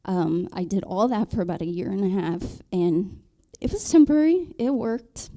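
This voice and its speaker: Woman telling her story, very dark-toned. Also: mid-range voice. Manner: storytelling, halting with many ums and restarts. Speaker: panelist sharing her conversion story. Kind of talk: personal testimony in a panel talk.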